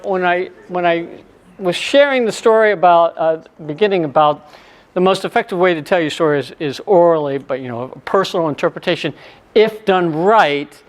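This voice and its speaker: A man in his sixties leading a conference workshop, talking in a chatty, storytelling way with quick asides. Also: fairly high pitch. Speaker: workshop presenter. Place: conference room.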